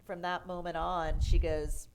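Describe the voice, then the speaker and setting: A woman with a fairly low voice, recounting personal stories as a comedian guest on an interview podcast. She talks in loose, winding sentences full of "like" and "you know". A faint hiss sits behind her voice. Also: measured pace. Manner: animated, filler-heavy storytelling with frequent "like" and "you know". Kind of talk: casual storytelling interview.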